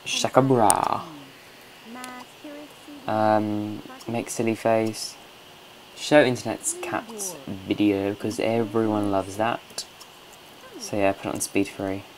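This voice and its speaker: A man's voice: fairly low pitch, level tone, slow pace, long pauses. A man hosting a casual gameplay commentary from home, chatty, coaxing and scolding his game characters. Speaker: let's play host.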